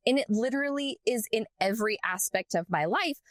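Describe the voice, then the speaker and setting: Woman, podcast co-host, casual chat, lively storytelling, higher pitch, dry close sound. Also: brisk, dry recording. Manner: animated storytelling with frequent fillers.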